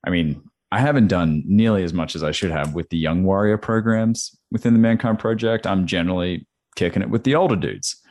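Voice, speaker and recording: A man's voice: deep voice, fairly quick, few pauses, a little mellow. A young man, chatting in a laid-back, slangy way and swearing. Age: young adult. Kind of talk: casual chat.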